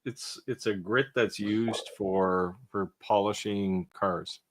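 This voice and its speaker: A man co-hosting a live maker Q&A in casual chat, explaining technical details in a plain, matter-of-fact way. His voice is low-pitched and recorded close and dry, with no room echo. He talks like a hands-on maker sharing what has worked for him. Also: steady tone, slow pace.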